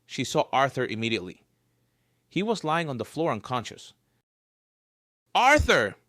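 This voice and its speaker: Male narrator, scripted storytelling, animated pitch, dry sound. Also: brisk, no room sound.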